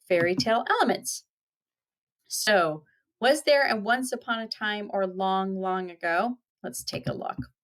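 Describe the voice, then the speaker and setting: A woman teacher reading a picture book aloud to children, pausing to point out the pictures and explain words. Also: fairly low pitch, a bit bright.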